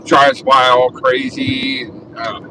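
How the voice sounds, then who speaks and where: Driving through city streets, a livestream host chats casually and reads out comments from viewers, speaking slowly in a mid-range, level voice. He's captured by a phone held in the car, whose distant mic catches road noise and the sound of traffic.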